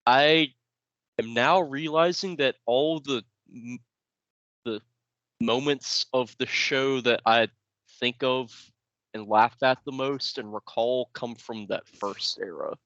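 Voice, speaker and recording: A podcast co-host in casual chat, agreeable and quick to laugh. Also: medium pitch, no room sound. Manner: lively, laughs easily, agreeable. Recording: slightly dull, lo-fi mic.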